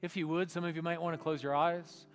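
A man preaching a sermon as pastor, reading slowly and meditatively and sinking to a hushed voice, in a church sanctuary. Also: a little high, level tone. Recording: long hall reverb with faint music.

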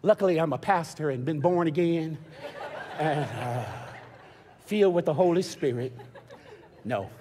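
An older man preaching a sermon as pastor, telling stories with stammered restarts and building to shouted preaching. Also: a little high, expressive, measured pace, pauses often, a little hiss or hum. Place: church sanctuary. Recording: long church reverb.

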